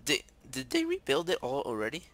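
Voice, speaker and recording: A young man giving rambling, excitable commentary while playing a video game. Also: mid-range voice, fairly quick, a little hiss or hum. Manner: chatty, rambling, excitable, shouts when startled. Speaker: gamer. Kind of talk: casual gameplay commentary.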